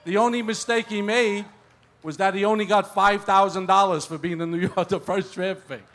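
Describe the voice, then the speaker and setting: A man with a high voice introduces an award winner. He mixes praise with light jokes as he speaks. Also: fairly even intonation, moderate pace, a bit bright. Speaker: award presenter.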